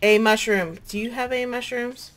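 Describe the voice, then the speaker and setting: A woman hosting a casual let's-play, chatting with a co-player and excitable at dangers in the game. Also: on the high side, moderate pace. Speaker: gaming channel host.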